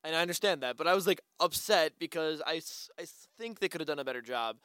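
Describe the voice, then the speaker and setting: A man's voice: fairly high pitch, animated, fast, pushed and bright, smooth, dry recording. A man chatting casually about a movie, blunt and swearing when something annoys him. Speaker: movie reviewer. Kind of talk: casual chat.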